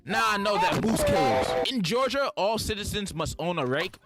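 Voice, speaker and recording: A man's voice: high voice, very animated, normal speed, very noisy. A man narrating a comedic video with sarcastic, exaggerated asides in scripted commentary.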